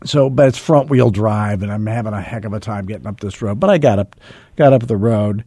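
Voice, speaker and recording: A man's voice: fairly low pitch, brisk, husky, dry recording. A man in his sixties, a real estate coach, telling a self-deprecating story on a call and acting out the dialogue. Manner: animated, acts out quoted dialogue; self-deprecating, chuckles often.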